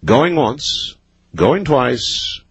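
A man hosting a late-night call-in radio show, talking in a dry, skeptical, measured way. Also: medium pitch, very animated, husky, no room sound, dull audio. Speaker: radio talk show host. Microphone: studio microphone.

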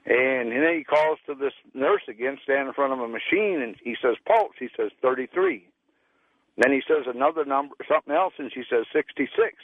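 A man's voice: mid-range voice, fairly quick, no echo. A male caller, telling a personal story in a plain, folksy way. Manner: plain folksy storytelling, acts out quoted voices. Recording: tinny phone line.

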